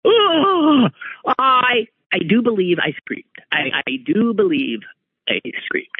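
A man telling a personal anecdote in an animated, exclaiming way, breaking off and restarting mid-sentence. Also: high-pitched, unhurried, breathy edge, no echo. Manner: animated, exclaiming, self-interrupting. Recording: tinny phone-like line, dry.

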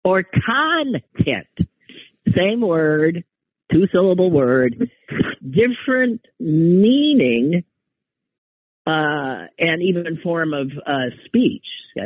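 A man's voice: on the high side, very animated, slow pace, slightly rough, dry recording. A man hosting a casual solo monologue, rambling and wry, often trailing off and starting over. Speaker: podcast host. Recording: tinny phone-like dry sound.

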